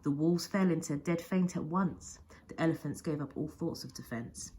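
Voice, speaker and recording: A woman's voice: low voice, normal speed, mellow, husky. A woman teacher reading a picture book aloud with expression, often dropping to a whisper. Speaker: primary school teacher.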